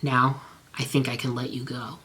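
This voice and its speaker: A man reading the lines of a brooding young gothic heroine in a soft, subdued way. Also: mid-range voice, level tone, moderate pace, natural voice.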